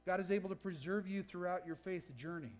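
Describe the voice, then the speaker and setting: A man's voice: high-pitched, fairly quick. A pastor preaching a sermon in church, earnest and emphatic, often checking in with his listeners. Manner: earnest, emphatic preaching with frequent "right?" asides.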